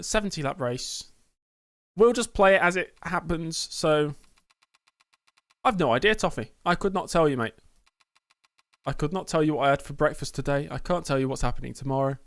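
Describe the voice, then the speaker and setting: A man's voice: a little high, moderate pace, long pauses, no room sound, studio quality. Joking man streaming a racing game. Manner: joking, banter with chat, addresses viewers as mate. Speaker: sim-racing livestreamer. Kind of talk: casual livestream chat, mock press conference. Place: indoor streaming setup with green screen.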